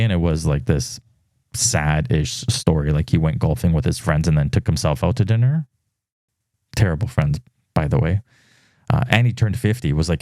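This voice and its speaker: A man's voice: low voice, no echo, clean studio sound. A podcast host, a man, tells a dating story in a casual monologue, acting out quoted messages with plenty of fillers. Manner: animated storytelling, acts out quoted texts; frequent fillers.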